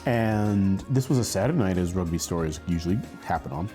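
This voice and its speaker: A man's voice: deep voice, fairly quick, music in the background. A man in his forties telling a funny college story in casual talk, laughing often and acting out the voices of the people in it. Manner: animated, laughs often, acts out quoted voices. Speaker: storyteller host.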